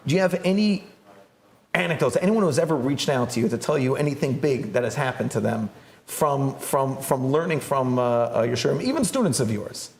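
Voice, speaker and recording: A man hosting a live interview, talking in an animated way and acting out stories. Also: fairly quick, echoey room, slight background noise. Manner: animated, acts out stories in high voices. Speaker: host.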